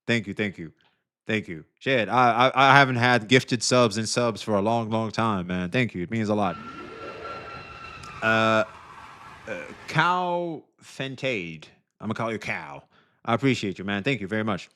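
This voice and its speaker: A man live-streaming, who swears a lot and keeps thanking donors in a casual, animated way. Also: lowish voice, a little slow, slight background noise. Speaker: livestreamer.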